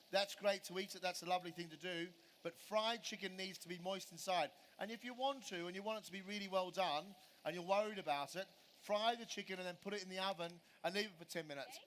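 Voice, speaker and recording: A man's voice: high-pitched, fairly bright tone, slight background noise. A middle-aged man giving a live cooking demonstration on a show stage, chatting with audience members and answering their questions. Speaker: celebrity chef doing a live cooking demo.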